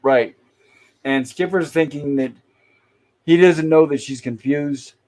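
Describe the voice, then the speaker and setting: A man's voice: a little high, slow, darkish tone, low-quality recording. Man casually recapping old sitcom scenes. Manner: retells scenes, quoting characters in his own voice. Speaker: host. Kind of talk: casual episode recap, reading scenes aloud.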